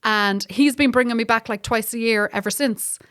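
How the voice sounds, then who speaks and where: A woman's voice: on the high side, normal speed, clear, resonant tone, no room sound, studio quality. Chatty Irish woman comedian. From Ireland. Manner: chatty, animated storyteller. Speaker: comedian guest. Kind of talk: casual chat.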